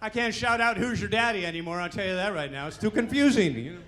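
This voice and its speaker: A man's voice: high voice, lively intonation, quick pace, fairly bright tone, slight background noise. A man in his sixties doing a stand-up comedy set in a club, delivering punchy jokes with lots of "you know" tags. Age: 60s.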